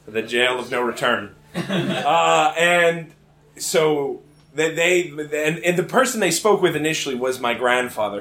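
A young man from Virginia telling a rambling, animated comic story live. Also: mid-range voice. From Richmond, Virginia, US. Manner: animated, rambling, self-amused. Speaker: comedic storyteller. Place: theater lounge. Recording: roomy theater lounge.

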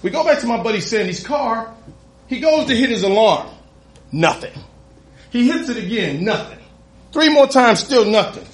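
A man telling a comic, profane story live on stage, with an animated delivery and cheeky asides. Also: very high-pitched, normal speed, pauses often, echoey room. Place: stage in a venue.

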